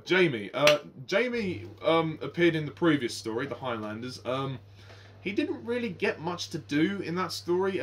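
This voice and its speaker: A man giving a casual spoken review of a TV story, enthusiastic but halting, with many ums, restarts and little laughs. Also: medium pitch, a little hiss or hum. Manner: laughs between remarks. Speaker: TV show reviewer.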